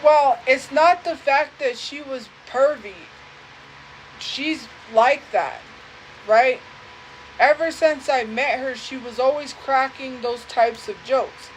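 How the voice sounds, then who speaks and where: A young woman telling a personal story live, speaking earnestly and haltingly and often repeating herself. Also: high-pitched, a little hiss or hum, rough recording. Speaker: livestream host.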